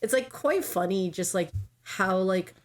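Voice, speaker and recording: A woman's voice: medium pitch, animated, unhurried. A woman co-hosting a podcast in casual chat, rambling with many fillers and restarts. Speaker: podcast co-host.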